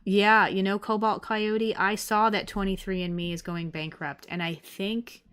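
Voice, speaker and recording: A middle-aged American woman streams and reads viewer comments, chatting casually and rambling with lots of fillers. Her mid-range voice is fairly bright and clean, with a flat, unhurried delivery.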